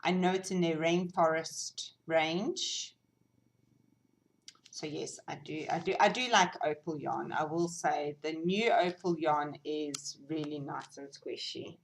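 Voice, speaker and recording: A South African woman hosting a knitting podcast, chatting casually and gushing excitedly over gifts and yarn, sometimes dropping to a whisper. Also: deep voice, slow pace, rough recording. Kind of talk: casual unboxing chat.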